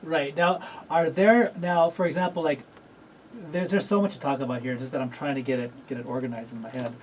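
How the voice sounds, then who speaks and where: A man's voice: fairly high pitch, fairly even intonation, brisk. A man hosting a talk radio show, rambling and correcting himself as he goes. He laughs easily and keeps the talk loose. He sounds a bit distant, with a faint hiss behind him. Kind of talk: casual radio talk interview.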